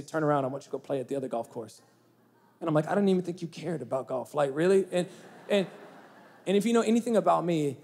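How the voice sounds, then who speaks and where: A young man preaches a sermon. His voice sits a little high, and he tells his stories in an animated way, acting out the other people's lines. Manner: animated storyteller, acting out dialogue. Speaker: pastor. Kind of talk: sermon with storytelling.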